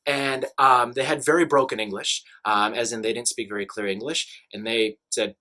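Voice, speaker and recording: A young man, a teacher, casually telling travel stories to the camera in an animated, chatty way with lots of fillers. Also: medium pitch, moderate pace.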